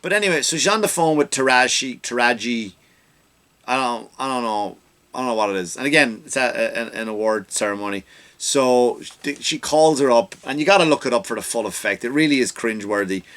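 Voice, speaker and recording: A man hosting a comedy podcast, delivering an animated rant into a studio microphone that climbs into loud, mocking outbursts. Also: medium pitch, fairly quick. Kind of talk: ranting comedy monologue.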